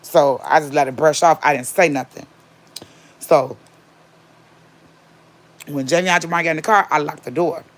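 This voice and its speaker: A woman casually telling a personal story, animated and repeating herself for emphasis. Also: low voice, normal speed, long pauses. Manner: acts out quotes of others.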